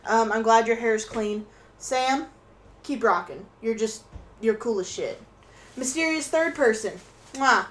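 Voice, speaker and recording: A young woman chatting casually at home as a stream guest, excitable and swearing freely, sometimes bursting into loud laughing shouts. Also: fairly high pitch, unhurried, a little hiss or hum. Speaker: guest co-host on an art stream. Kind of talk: casual chat.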